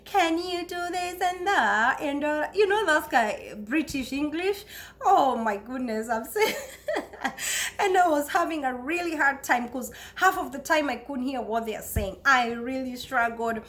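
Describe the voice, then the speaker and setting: A Kenyan woman with a high, light voice talks straight to her viewers in a loose, chatty vlog. She is expressive and restarts her sentences often, and laughter keeps bubbling into her storytelling. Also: moderate pace. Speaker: vlogger. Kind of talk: casual storytelling to camera.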